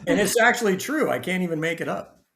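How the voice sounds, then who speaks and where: A middle-aged man, a guest author and retired army officer, telling stories in a lively, casual way. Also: high voice, quick pace, creaky. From United States. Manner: animated storyteller, acts out dialogue. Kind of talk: casual storytelling interview. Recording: roomy echo.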